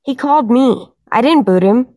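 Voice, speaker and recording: A tired, hoarse woman hosting a casual livestream and chatting with her viewers. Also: high voice, expressive, moderate pace, dark tone, no room sound, studio quality. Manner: chatty, addresses viewers in chat. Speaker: livestream host.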